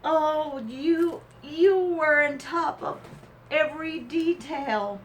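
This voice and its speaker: A high-voiced woman opens a craft swap package, gushing and sentimental. She talks very slowly, breaking off with pauses and fillers, against a faint background hum. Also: low-quality recording. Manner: gushing and sentimental, exclaims often. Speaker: crafting vlogger.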